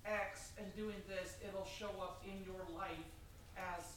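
A participant in a Bible study explains a point slowly and haltingly. The voice sounds far from the mic in a very echoey room, with faint noise behind it. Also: mid-range voice, little pitch movement, fairly bright tone.

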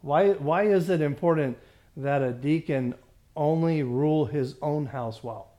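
A man runs a Bible study class, going through scripture slowly; he stumbles verbally, repeats himself and clears his throat a lot. The voice is fairly high and warm.

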